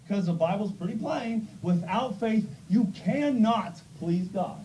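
Man, preacher, sermon, emphatic, rhetorical questions, high pitch, distant church recording. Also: measured pace, mellow, a little hiss or hum.

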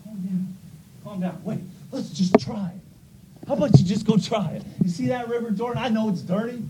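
A man's voice: high-pitched, normal speed, heavy background noise, voice pushed up, lightly acted. A man preaching a sermon, voicing a servant who coaxes and soothes his angry master. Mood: coaxing. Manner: soothing, coaxing. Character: coaxing male servant calming his master.

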